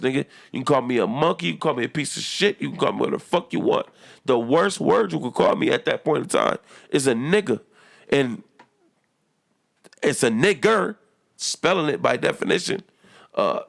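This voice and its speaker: A man's voice: mid-range voice, gravelly. A man from the United States arguing heatedly and emphatically in a casual podcast debate, swearing freely. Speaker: podcast co-host.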